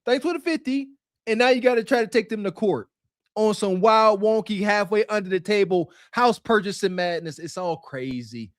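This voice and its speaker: A man's voice: sits high, moderate pace, no echo, clean studio sound. A man co-hosting a podcast, giving mocking commentary and acting out quotes in character. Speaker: podcast co-host.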